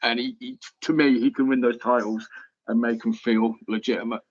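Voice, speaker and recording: A male podcast co-host with a medium-pitched, fairly flat voice speaks at a moderate pace, addressing his listeners with confident, opinionated takes in a casual show. The audio is muffled and lo-fi.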